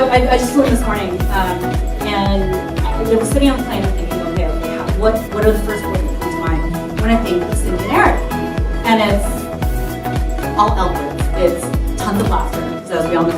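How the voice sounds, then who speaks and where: A woman giving a chatty, laughing anniversary toast at a party. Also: mid-range voice. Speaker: anniversary speaker. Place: party hall. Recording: echoey room from far off. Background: music and guests.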